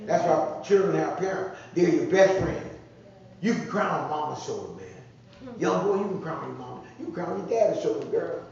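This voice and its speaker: A man's voice: a little high, sing-song, moderate pace, vocal fry, darkish tone, far from the mic. A man preaching a conversational sermon, repeating phrases and drawing responses from the congregation. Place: church sanctuary. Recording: echoey muffled church sound from afar.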